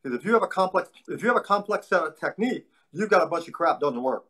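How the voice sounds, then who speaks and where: A man with a fairly high voice tells stories in a casual interview. He is animated and lively, and he acts out other people's lines as he goes. He is a martial arts instructor talking shop. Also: fast talker.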